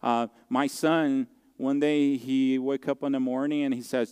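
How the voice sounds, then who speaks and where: A pastor preaches a sermon, sharing a personal story earnestly and from the heart, with halting restarts. His voice is medium-pitched, darkish and clean, heard in a large hall.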